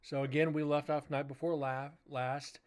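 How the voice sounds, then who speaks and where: A man's voice: fairly high pitch, level tone, moderate pace, a little mellow, smooth. A tired man hosting a livestream, chatting casually to viewers and retelling a work dispute with filler words and swearing. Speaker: livestream host. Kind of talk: casual chat to stream viewers.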